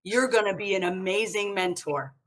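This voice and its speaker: Female co-host, mid-pitched, encouraging and emphatic. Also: normal speed, a bit bright. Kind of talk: casual interview chat.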